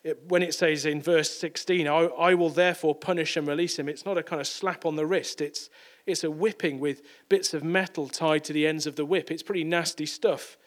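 Guy preaching, chatty, restarts words a lot, slightly high voice. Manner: conversational, self-correcting, repeats words. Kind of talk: sermon.

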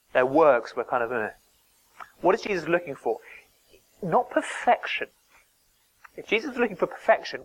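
A man's voice: fairly high pitch, poor audio. A man preaching a sermon, earnest and emphatic, dropping to near-whispers to stress a point.

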